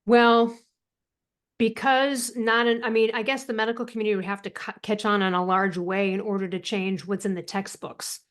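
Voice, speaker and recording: A U.S. woman, a guest author and thyroid coach, is interviewed on a podcast. Speaking at normal speed in a mid-range voice, she tells stories emphatically and animatedly, acting out quotes.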